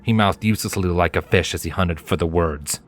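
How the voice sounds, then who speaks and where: A man reading fan fiction aloud in a measured, dramatic narration. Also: low-pitched. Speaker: fanfiction reader. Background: faint background music.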